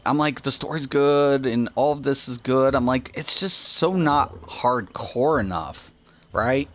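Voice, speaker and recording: A middle-aged man hosting a gaming video, chatting casually about games as he plays, rambling and swearing a lot with animated asides. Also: mid-range voice, unhurried. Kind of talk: casual gameplay commentary.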